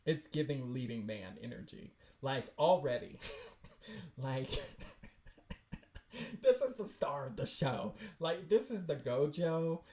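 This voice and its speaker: A man hosting a livestream, excitedly reading webcomics aloud and reacting with slangy chatter and frequent laughs. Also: medium pitch, slow pace, long pauses, roomy sound.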